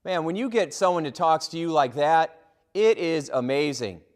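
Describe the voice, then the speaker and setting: A middle-aged man giving a humorous motivational keynote, telling lively stories and acting out the voices of people in them. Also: on the high side, moderate pace. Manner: lively, acts out quoted voices. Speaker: motivational speaker.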